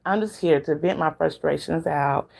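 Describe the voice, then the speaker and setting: A Southern-accented woman from the Southern United States hosts a laid-back livestream, speaking straight to her chat and laughing often. Her deep voice is creaky and darkish, moving at a normal speed.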